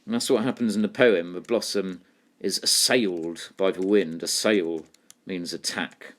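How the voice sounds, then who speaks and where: A man teaching a poetry lesson, explaining terms and reading lines aloud slowly. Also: low voice, fairly bright tone.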